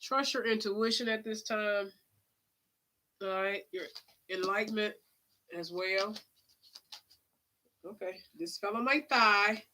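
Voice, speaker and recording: A chatty woman talks through a live tarot reading, drawling and calling listeners honey and child. Her voice is bright and forward, with an occasional sniffle. A faint hiss sits under the recording. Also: mid-range voice, takes it slowly, long pauses, rough recording. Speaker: tarot reader.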